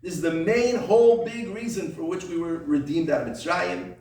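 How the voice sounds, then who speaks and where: A man's voice: a little high, normal speed, a little mellow. A man teaching a Torah class, explaining step by step and repeating his points rhetorical questions. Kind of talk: conversational Torah lecture. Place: classroom or study hall. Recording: echoey room, voice from far off the mic.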